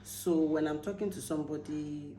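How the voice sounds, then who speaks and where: Low-voiced Nigerian woman vlogging. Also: normal speed, echoey room, a little hiss or hum, low-quality recording. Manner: chatty, animated when quoting phrases. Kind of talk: casual explainer vlog.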